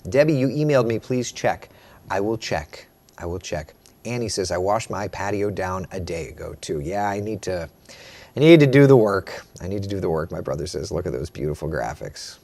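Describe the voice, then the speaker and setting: A meteorologist hosting a casual live morning chat, reading viewer comments aloud and answering them. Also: male voice, mid-range voice, vocal fry, darkish tone. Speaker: meteorologist host.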